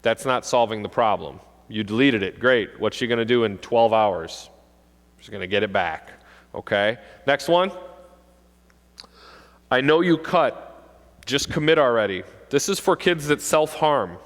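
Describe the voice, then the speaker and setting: A middle-aged man, a police officer, giving an animated talk to parents and acting out kids' voices. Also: medium pitch, a little slow. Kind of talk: presentation to an audience. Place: school hall. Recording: long hall reverb.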